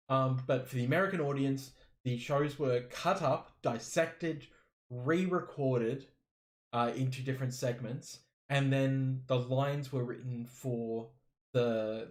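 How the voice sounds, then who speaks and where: Swearing, animated man in an echoey room. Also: mid-range voice. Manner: animated, swears freely, goes on tangents. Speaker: podcast co-host. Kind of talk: casual chat. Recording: roomy echo.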